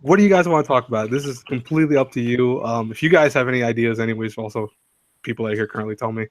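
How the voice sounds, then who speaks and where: A man's voice: mid-range voice, rapid-fire, no room sound. A young man hosting a casual live stream, rambling and joking with many restarts. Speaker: stream host.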